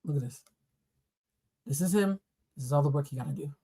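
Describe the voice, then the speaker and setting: A woman reads tarot on a live stream. She is animated and blunt, and she talks straight to her viewers and swears freely. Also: deep voice, brisk, breathy edge. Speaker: tarot reader.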